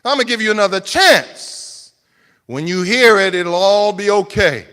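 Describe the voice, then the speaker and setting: A man's voice: high voice, a little slow, pushed and bright, clean tone, long reverb tail, pitched above the performer's own voice. A man voicing a proud, angry ancient king who demands to know why he is being defied. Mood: condescending. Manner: indignant, demanding, self-pitying questions.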